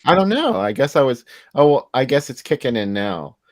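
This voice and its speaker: Laid-back man co-hosting a chat podcast, relaxed and easy. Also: mid-range voice, a little fast. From Pittsburgh. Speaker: podcast co-host. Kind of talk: casual chat.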